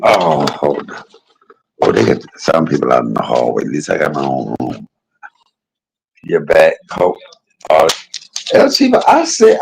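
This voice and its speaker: A man's voice: a bass voice, vocal fry, noisy background. A man livestreaming from a private hospital room, talking in a rambling, heartfelt way and often turning to his viewers directly. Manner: rambling, heartfelt, keeps addressing viewers as y'all. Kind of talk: casual emotional livestream chat.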